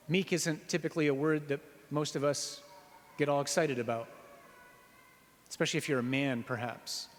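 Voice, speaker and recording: A priest giving an earnest sermon, slowing down on key phrases and asking the listeners rhetorical questions. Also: male voice, fairly high pitch, steady tone. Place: church. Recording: reverberant church hall.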